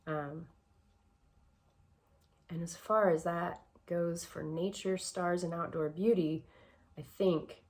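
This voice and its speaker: A woman's voice: on the low side, steady tone, slow, pauses often, darkish tone. A woman vlogger giving casual personal advice, reflective and a bit emotional, with a shaky voice and many fillers.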